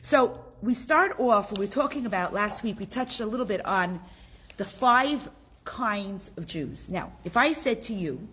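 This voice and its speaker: Middle-aged female teacher, husky tone, animated and conversational, quizzes the room. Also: medium pitch, measured pace. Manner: lively, chatty, asks the class questions. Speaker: Torah class teacher. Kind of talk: casual group class.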